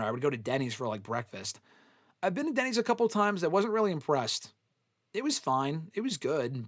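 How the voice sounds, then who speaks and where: A man's voice: on the high side, dry recording, studio quality. A young man hosting a live fan Q&A, chatting casually in a blunt, profane, offhand way. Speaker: host answering fan questions.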